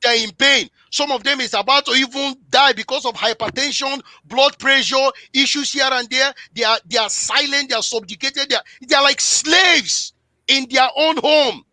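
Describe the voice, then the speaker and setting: A man with a high, bright voice delivers a fervent motivational talk, hammering points home through repetition. He speaks straight to his listeners. The sound is close and dry. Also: normal speed, no echo. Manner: emphatic, preachy, repeats phrases for emphasis; direct address to the audience. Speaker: guest speaker on relationships.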